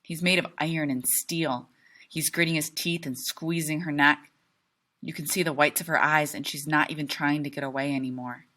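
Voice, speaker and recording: A woman teacher reading a novel aloud to her class, steady and clear, stopping to ask questions. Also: deep voice. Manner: steady storytelling with pauses for questions.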